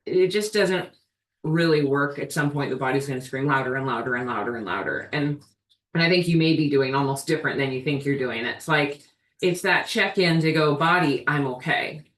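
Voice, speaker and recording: A woman's voice: rumbling low, a little fast. A woman hosting a live video Q&A for her ministry, talking earnestly and thinking aloud. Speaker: host of a healing ministry. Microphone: video call. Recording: echoey room, distant from mic.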